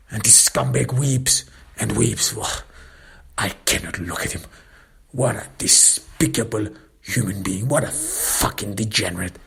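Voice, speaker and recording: Gravelly, husky man telling a dark story. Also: lowish voice, a little slow. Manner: contemptuous, swearing, intense. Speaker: narrator. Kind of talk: first-person dramatic storytelling.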